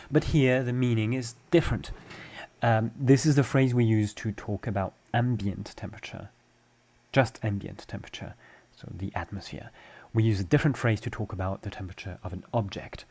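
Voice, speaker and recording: A man's voice: medium pitch, moderate pace, mellow, husky. A young adult man with a French accent, teaching a language lesson and patiently explaining step by step with examples. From France.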